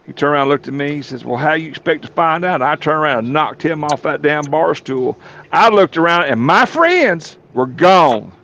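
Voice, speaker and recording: This man's voice sits on the high side, creaky and fairly bright, with lively intonation and a moderate pace. As a talk show storyteller, he tells rowdy stories casually in a folksy drawl with colorful profanity. The recording is dull and lo-fi, with faint room noise.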